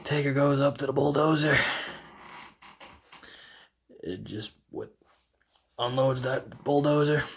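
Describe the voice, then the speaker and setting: A man giving a casual, excited recap as a wrestling reviewer, rambling with lots of restarts and fillers. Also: medium pitch. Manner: rambling, fast retelling full of "like" and restarts.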